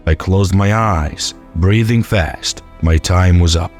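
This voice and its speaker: A man telling a first-person horror story in a steady, scripted narration. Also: sits low, slow, few pauses. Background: faint background music.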